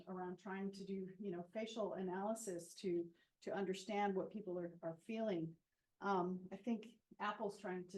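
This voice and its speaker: A woman gives a thoughtful, conversational presentation in a seminar room, speaking without a microphone so the room picks her up with a roomy hall sound. Her medium-pitched voice is a little mellow, and her talk is full of ums and restarts.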